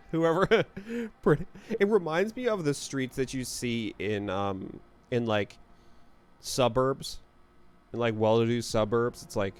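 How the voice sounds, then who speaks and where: A man's voice: medium pitch, slow, clean tone, faint music behind. A man streaming a video game live, chatting casually in a jokey, rambling way. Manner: jokey, rambling, laughs at his own quips.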